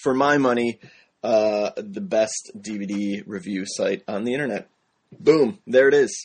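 A man's voice: fairly low pitch, a little slow, slightly rough. A man hosting a casual podcast, upbeat and jokey as he rattles off plugs and banters with his co-host.

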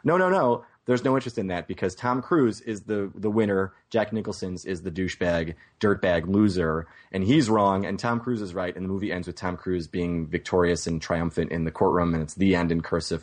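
Low-voiced guy rambling on a movie podcast, swears a lot, does silly voices. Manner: rambling, swears, animated voice imitations. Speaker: podcast co-host. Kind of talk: casual film chat.

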